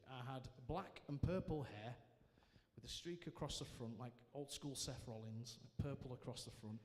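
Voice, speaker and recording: A man giving a personal testimony to a live audience, telling it as a lively story with self-mocking humour. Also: on the high side. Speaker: guest speaker sharing his testimony. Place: large church hall, indoors. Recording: reverberant church hall.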